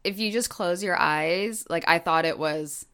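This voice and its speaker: A woman co-hosting a podcast tells a story at an unhurried, drawn-out pace. Her voice is smooth and clear and sits slightly low, and she fills her sentences with ums and likes as she chats. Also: a bit bright. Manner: chatty storytelling with many fillers. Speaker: podcast co-host. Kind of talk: casual chat.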